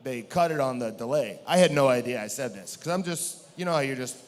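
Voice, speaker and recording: A man's voice: mid-range voice, lively intonation, fairly quick. A man telling a story from his career in a rambling, self-mocking way, with many restarts. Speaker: guest. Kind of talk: storytelling on a podcast. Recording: long hall reverb.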